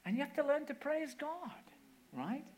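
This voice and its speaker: A man's voice: very high voice, big pitch swings, normal speed, darkish tone. An older man preaching a sermon, telling a story and then urging his listeners with rising force.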